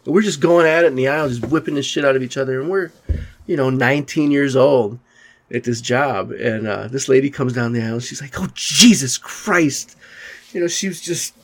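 A man co-hosting a podcast, telling old work stories in a relaxed, laughing, swearing chat. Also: mid-range voice, a little fast. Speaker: podcast co-host. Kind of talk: casual chat.

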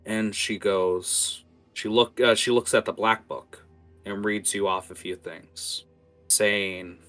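A man's voice: fairly low pitch, fairly even intonation, slow pace, a bit bright. A man narrating a tabletop game as game master, in a casual, rambling way. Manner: casual, many fillers and restarts.

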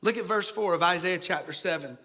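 A man preaching a sermon as pastor, dropping to a hushed voice when he acts out scripture. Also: high voice, fairly quick.

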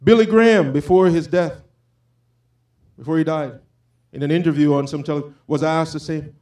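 A man's voice: a little high, moderate pace, a little mellow. A man giving an informal, impassioned sermon, talking conversationally and quoting scripture. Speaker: preacher.

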